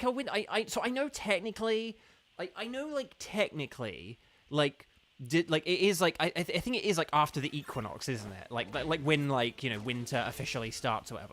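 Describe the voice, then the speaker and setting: A man's voice: medium pitch, fairly bright tone. A man chatting casually on a game live stream, rambling from one tangent to the next and filling his talk with "like". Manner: rambling and digressive, heavy use of "like".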